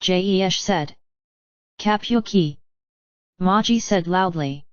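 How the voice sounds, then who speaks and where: A woman reading an audiobook in scripted narration, voicing every character in the same even narrating voice. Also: lowish voice, unhurried, smooth, no echo, muffled recording.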